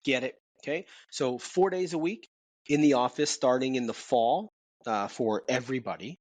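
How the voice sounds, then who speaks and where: A man co-hosting a podcast from his home office, talking in an animated, casual way with repeats and swearing. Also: medium pitch, moderate pace, no room sound. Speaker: podcast co-host. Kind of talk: casual chat.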